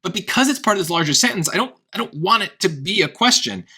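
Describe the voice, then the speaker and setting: Bright-voiced man tutoring casually. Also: sits high, animated, quick pace, slightly rough. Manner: thinks aloud, restarts, often checks with "right?". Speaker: SAT tutor.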